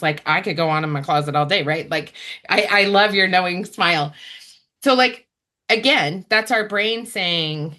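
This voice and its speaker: A woman speaking as an interview guest, talking in an animated way and acting out her inner voices in quick asides. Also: fairly low pitch. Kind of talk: conversational interview answers.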